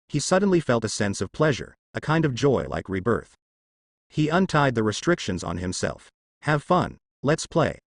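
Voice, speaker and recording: Male audiobook narrator; animated intonation, dry close recording. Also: medium pitch, no room sound.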